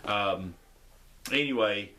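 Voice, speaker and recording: A man's voice: slow, sharp tone, a little hiss or hum. Rambling man retelling a show. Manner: rambling, acts out quotes with shifting pitch. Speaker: podcast host. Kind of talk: casual recap chat.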